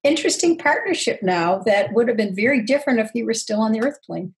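Older woman speaking earnestly, slightly high. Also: animated, fast, poor audio. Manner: earnest, reflective, laughs softly. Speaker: guest, counselor. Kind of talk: interview conversation.

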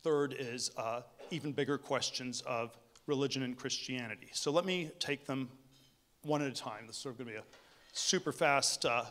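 A man giving a conference keynote speech, talking in a halting way with many restarts and fillers. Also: medium pitch, fairly bright tone. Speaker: keynote speaker. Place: hotel conference room.

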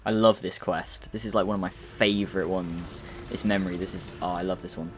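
A young man, giving chatty, excitable commentary while playing a video game. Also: deep voice, a little fast, background noise. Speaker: let's play gamer. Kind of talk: casual gameplay commentary.

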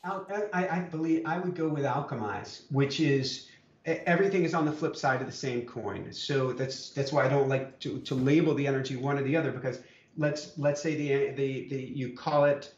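A man's voice: mid-range voice, moderate pace. A man in casual conversation, earnestly explaining ideas in an encouraging, explanatory way. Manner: earnest, explanatory, spiritual pep talk. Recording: muffled, roomy sound from off-mic.

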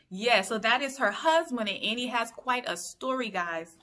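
A woman's voice: on the high side, expressive, normal speed, hardly any pauses, bright, forceful tone. A young woman from Liberia chatting through a casual TV episode recap, full of opinionated asides. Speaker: YouTube reviewer.

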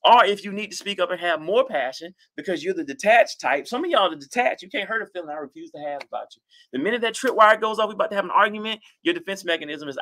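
Middle-aged guy on a live advice stream, fired up and preachy, bright forceful voice. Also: sits high, quick pace. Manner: passionate, animated preacher-like delivery. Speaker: relationship advice host. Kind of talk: livestream talk reading viewer comments.

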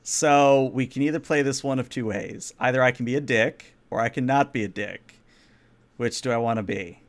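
A man narrating as game master of a tabletop role-playing game, relaxed and playful with the players. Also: medium pitch, normal speed.

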